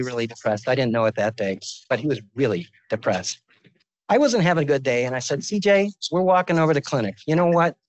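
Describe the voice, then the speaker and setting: A man's voice: medium pitch, dull audio. A man in his sixties giving a medical lecture as a visiting professor, informal and joking, telling stories from his career.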